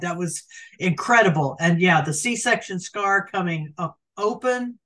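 Animated woman reacting on a podcast. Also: lowish voice, unhurried, recorded from a distance. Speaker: podcast co-host. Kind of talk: casual podcast chat.

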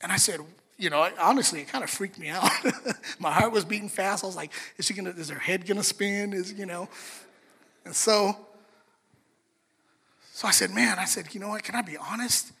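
A male pastor preaching a sermon, telling a story with lively, acted-out quotes. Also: sits high, moderate pace, vocal fry, long pauses, breathy edge. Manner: animated storyteller, acts out quotes. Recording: long reverb of a large hall, soft music behind.

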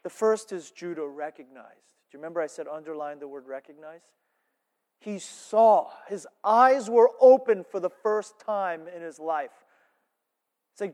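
A male pastor delivering a sermon with a high voice, rising to loud emphasis and dropping into hushed asides. His words echo through a reverberant church hall with a long tail. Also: a little slow.

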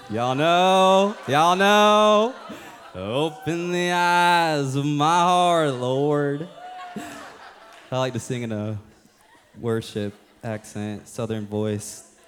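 A man's voice: on the low side, a little mellow. A young man preaching a sermon as a young adults pastor, casual and joking, often acting out other people's voices.

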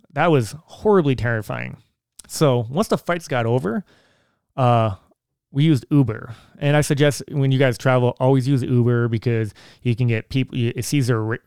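A man of middle pitch with a smooth, resonant voice rambles through personal stories, restarting sentences and giving earnest advice. The recording is dry and close, with no room echo. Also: darkish tone. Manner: rambling, with frequent restarts and filler words. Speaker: vlogger. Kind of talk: casual personal storytelling.

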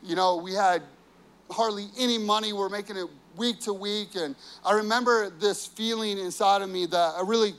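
A man's voice: high-pitched, fairly even intonation, moderate pace, a bit bright, clean tone. A man preaching a sermon, earnest and personal, telling family stories with frequent "you know"s. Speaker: pastor.

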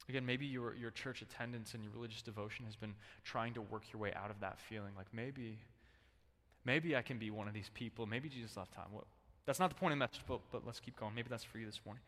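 A man's voice: mid-range voice, fast, long reverb tail. A male pastor preaching a sermon in a casual, conversational way, calling on the congregation to answer back. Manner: conversational, animated, prompts congregation to respond. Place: church sanctuary.

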